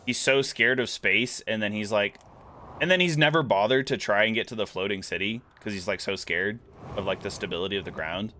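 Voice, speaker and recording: A man's voice: on the low side, fairly quick, sharp tone, slight background noise. A man giving casual, rambling gameplay commentary, musing aloud as he plays. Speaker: gaming streamer.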